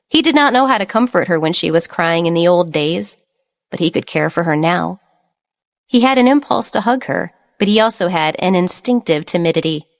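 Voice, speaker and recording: A woman reads an audiobook romance aloud in a steady, plain narrating voice. Her pitch sits a little low for a woman. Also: no room sound, studio quality. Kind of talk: scripted narration.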